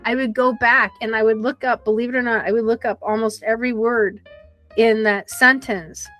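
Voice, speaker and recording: Lively woman in her 50s. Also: on the high side, moderate pace, faint music behind. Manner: animated storyteller who acts out the voices in her anecdotes. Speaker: podcast guest. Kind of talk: conversational storytelling interview.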